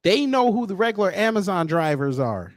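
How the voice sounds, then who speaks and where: A man hosting a reaction commentary channel, talking in an animated, sardonic, conversational way. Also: sits high, fairly quick, no echo, studio quality.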